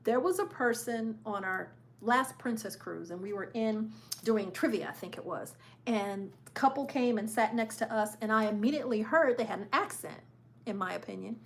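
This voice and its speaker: A woman's voice: a little high, lively intonation, moderate pace. A woman hosting a live cruise news stream, chatting casually, repeating phrases for emphasis and laughing often.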